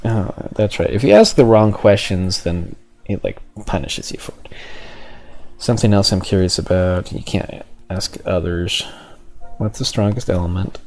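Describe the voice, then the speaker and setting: A man's voice: on the low side, lively intonation, moderate pace. A man giving casual let's-play commentary, thinking aloud and reading on-screen text. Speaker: gamer.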